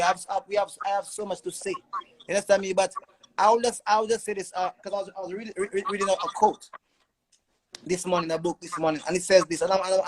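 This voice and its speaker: In a roughly recorded, emotional testimony, a man with a high-pitched voice tells his own story as a father. He speaks urgently, repeating words in long stammering runs.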